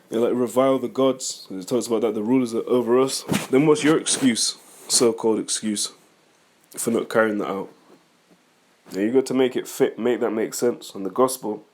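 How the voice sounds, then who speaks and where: A man's voice: mid-range voice, darkish tone, slight background noise. A man reading scripture aloud and commenting on it in a loose, argumentative teaching style, speaking straight to his critics. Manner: rambling, conversational, reads scripture aloud then comments; argumentative, addresses critics directly. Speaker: religious teacher. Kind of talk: informal scripture teaching and rebuttal.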